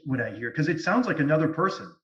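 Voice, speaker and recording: A man speaking as a guest medium, telling stories in an animated way over a video call. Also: fairly high pitch, quick pace. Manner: animated, lively storytelling. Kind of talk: storytelling interview. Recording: distant, echoey, dull sound.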